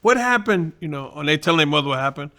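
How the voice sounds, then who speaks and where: An older man, a former boxer, telling stories in casual chat, animated and profane, acting out voices and sounds as he goes. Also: a little high, quick pace. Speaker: guest, former boxer and trainer.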